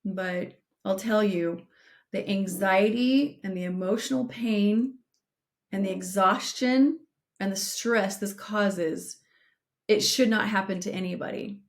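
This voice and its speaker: A middle-aged woman co-hosting a podcast, giving direct advice and telling a painful personal story in an earnest way. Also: mid-range voice. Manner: earnest, direct, slows down for emphasis. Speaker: podcast co-host.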